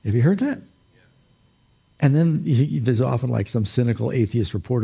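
Husky-voiced man preaching a folksy sermon. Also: mid-range voice, lively intonation, brisk, warm tone. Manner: folksy, humorous asides with laughs. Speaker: pastor.

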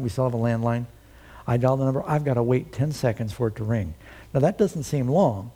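A man preaching a sermon, chatting with the congregation between dramatic readings of scripture. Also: dark tone. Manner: dramatic, reads scripture aloud with big swings in pitch; conversational asides to the congregation. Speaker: pastor.

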